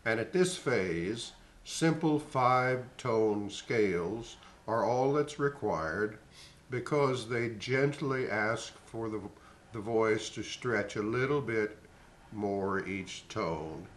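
An older man in his sixties gives a singing lesson, talking slowly in a measured, explanatory way. His voice sits a little low, and the room around him rings with echo. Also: animated. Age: 60s. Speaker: voice teacher.

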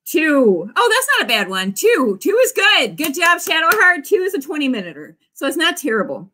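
High, bright, bubbly woman in her forties. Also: huge pitch swings, moderate pace. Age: 40s. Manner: bubbly, cheering viewers on with whoops. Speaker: author hosting writing sprints. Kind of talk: casual livestream chat.

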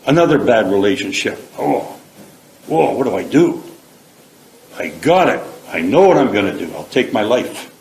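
A man's voice: fairly low pitch, very animated, normal speed, creaky, darkish tone. A middle-aged man from Canada giving a plain-spoken, earnest personal testimony in a church hall. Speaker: speaker giving his testimony. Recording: echoey hall, faint background hiss.

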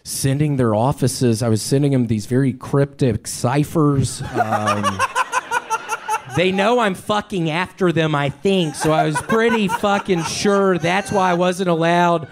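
A man with a high, light voice rambles through absurd stand-up stories in a flat, deadpan delivery. Every so often he bursts into a shout. He is on a comedy club stage. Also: measured pace, background noise. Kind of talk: stand-up set and on-stage banter.

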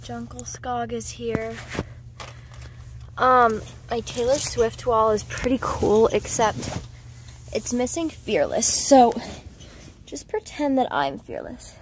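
A woman's voice: on the high side, slow pace, pauses often, slight background noise. A young woman chatting casually in a vlog, bubbly and jokey, poking fun at herself. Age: young adult. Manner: bubbly, jokey, self-mocking. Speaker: vlogger.

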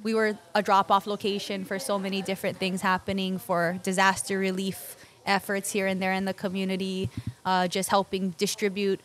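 This is a woman from Hawaii, a podcast guest who tells her stories in a relaxed, conversational way. She keeps a middle pitch, and she acts out the people in her stories and often breaks into laughter. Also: moderate pace. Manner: animated, acts out dialogue with frequent laughter. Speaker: guest, local business owner. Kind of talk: conversational storytelling.

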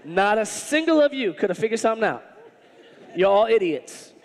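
A man's voice: sits high, very animated, moderate pace, big-room sound. A man voicing Jesus as an annoyed, sleepy figure who talks in casual slang.

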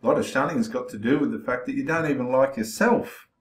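A man's voice: medium pitch, fast talker. A man preaching with passion to the camera, confronting and challenging his listeners directly. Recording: roomy echo.

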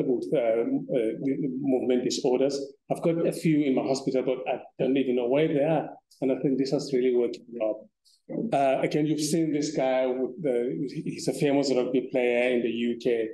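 A man lecturing as an ENT surgeon at a conference, informal, with chuckling asides and halting restarts. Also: mid-range voice, warm tone. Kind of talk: conference lecture with patient videos. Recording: echoey hall.

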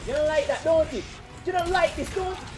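A man with a Jamaican accent commentating a game, loud and excitable, yelling and joking in patois as he plays. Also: very high-pitched, fairly quick, over loud music. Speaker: gamer commentator. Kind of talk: let's-play commentary.

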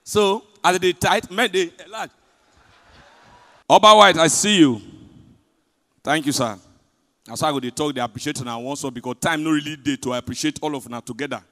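Nigerian man, stand-up comedian, high bright voice, lively swooping delivery, echoey event hall. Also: a little fast, long pauses. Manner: animated storytelling in pidgin, big swings between loud and hushed. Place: large hotel event hall. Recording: live hall reverb.

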